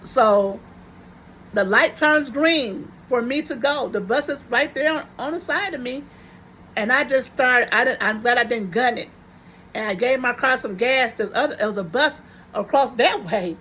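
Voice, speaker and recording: A woman's voice: sits high, a bit bright, slight background noise. A woman vlogger telling viewers a personal story in a casual, chatty way, repeating her phrases for emphasis.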